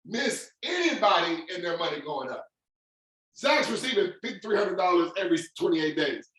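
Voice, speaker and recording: Man, high-pitched, excited emphatic pitch, echoey room. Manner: fired-up, emphatic, drawn-out stresses. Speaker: presenter of an online income demonstration.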